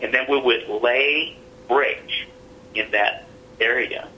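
A man's voice: medium pitch, slow, dull audio, a little hiss or hum. A middle-aged man, an interview guest, telling a personal story in an earnest, plainspoken way.

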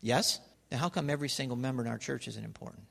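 A male pastor preaching a sermon in a church, animated and constantly prompting the congregation with questions and "okay?". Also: mid-range voice, fast talker, creaky. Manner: animated, calls for congregation response, repeats "okay?". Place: church sanctuary. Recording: reverberant church hall.

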